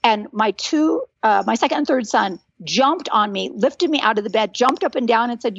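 Animated middle-aged woman, muffled dry recording. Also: on the high side, normal speed, few pauses, breathy edge. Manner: animated storytelling, earnest and encouraging. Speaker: podcast guest, author and speaker. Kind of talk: casual chat.

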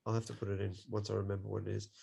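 A man's voice: on the low side, vocal fry, darkish tone, husky. A man co-hosting a podcast in casual chat, swearing freely and laughing often. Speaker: podcast co-host.

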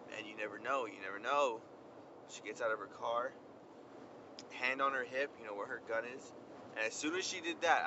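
A young man chatting casually as he tells a story outdoors on a windy day, animated and slangy. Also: mid-range voice. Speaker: vlogger. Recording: lo-fi outdoor recording with traffic noise. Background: wind and passing traffic.

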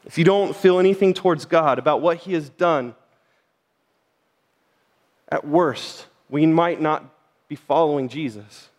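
A middle-aged man preaching with earnest, direct appeals to his listeners. His voice sits a little high for a man. The sound carries a long reverb from the church hall around him. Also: a little slow, long pauses, darkish tone. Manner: earnest and direct, addressing the congregation. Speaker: pastor. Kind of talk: sermon.

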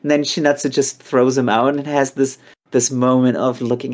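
A podcast co-host recapping a chapter in casual chat, animated and acting out characters in quick voices. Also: medium pitch.

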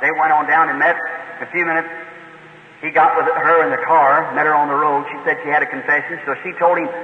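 Male preacher with a slightly high voice, tells homespun stories in plain country grammar, thin lo-fi recording from a reverberant hall. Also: level tone, quick pace. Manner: folksy plain-spoken storytelling with rural grammar, building to fervent emphasis. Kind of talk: storytelling sermon. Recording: tinny lo-fi recording in an echoey hall.

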